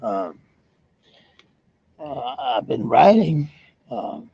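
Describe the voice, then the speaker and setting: A man from Denmark chatting casually and rambling on a livestream, swearing now and then and filling pauses with ums. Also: a little high, huge pitch swings, creaky, dark tone, breathy edge, no room sound. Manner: rambling, laid-back, swears casually, many fillers. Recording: dull lo-fi stream audio.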